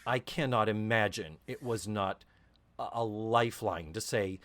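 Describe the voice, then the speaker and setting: A man co-hosting a podcast, chatting casually and telling stories with animated voice impressions. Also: unhurried, no echo. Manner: animated storytelling, mimics accents and voices with big pitch jumps. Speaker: podcast co-host. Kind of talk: casual chat.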